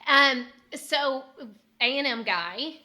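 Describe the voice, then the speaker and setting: Chatty young woman podcast host, higher pitch, bright and animated. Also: slow pace. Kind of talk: casual podcast interview.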